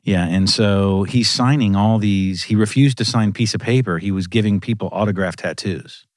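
A man hosting a casual conversation, animated and laughing as he tells long anecdotes about his music days. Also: lowish voice, moderate pace, dry recording, clean studio sound.

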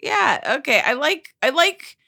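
A woman's voice: sits high, sing-song, a little slow, creaky, sharp tone. A woman co-hosting a podcast, chatting casually and a little hesitantly about a book, with many "like" fillers. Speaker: podcast co-host.

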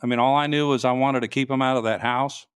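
A man, a state trooper, telling his story in a casual interview, halting and restarting sentences as he goes. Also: mid-range voice, steady tone, clean tone, dry recording, clean studio sound.

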